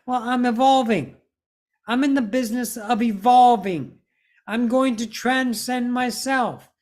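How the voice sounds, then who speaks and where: A woman's voice: fairly high pitch, unhurried, a little mellow. A woman giving a spiritual teaching monologue in a blunt, profane manner, repeating words for emphasis.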